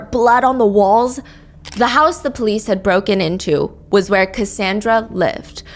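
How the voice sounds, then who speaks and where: Woman narrating a true crime story. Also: medium pitch. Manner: dwells on grisly details and reads quotes aloud.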